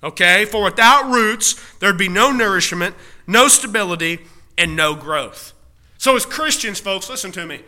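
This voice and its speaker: A man preaching a sermon in a high, very bright voice. He keeps firing rhetorical questions at his listeners and repeats his key phrases, drawing out the punch words for emphasis. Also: lively intonation, moderate pace. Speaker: pastor.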